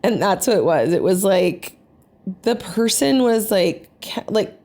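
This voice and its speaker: Gravelly, slow-talking woman telling a story. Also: medium pitch. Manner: animated, rambling, many fillers. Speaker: family vlogger. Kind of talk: casual storytelling to camera.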